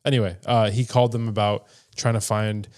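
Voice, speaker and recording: Easygoing man, lowish voice, chatty. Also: fairly quick, smooth. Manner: relaxed, chatty, says "dude" and "like" a lot. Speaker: podcast co-host. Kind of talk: casual chat.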